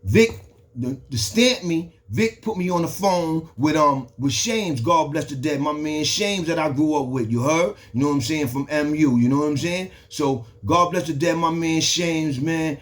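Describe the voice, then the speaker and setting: A man's voice: on the high side, moderate pace. Slangy New man telling stories. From the Bronx, New York. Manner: loose, repetitive, slangy, frequent restarts. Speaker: storyteller. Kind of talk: casual street storytelling.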